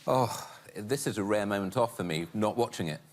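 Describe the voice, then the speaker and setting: A man's voice: lowish voice, moderate pace, heavy background noise. A man on a comedy quiz panel, bantering playfully with the host.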